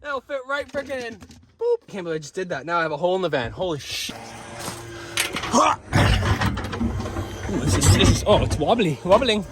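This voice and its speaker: A man's voice: a little high, normal speed, long pauses, heavy background noise. A man vlogging casually while working on his van, joking and talking to himself as he goes. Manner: excitable, joking, talks to himself as he works.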